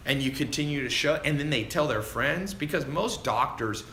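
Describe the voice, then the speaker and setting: Male livestream coach, casual and chatty, forceful bright tone, faint background ambience. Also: medium pitch, moderate pace, slight background noise. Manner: animated and chatty, calls listeners dude and man. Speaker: online business coach answering live viewer questions. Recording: roomy echo with faint ambience.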